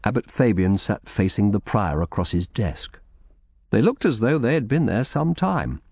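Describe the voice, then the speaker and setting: Low-voiced man narrating a historical mystery. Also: expressive, moderate pace, creaky, a little mellow, no room sound, studio quality. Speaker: audiobook narrator. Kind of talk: scripted first-person narration.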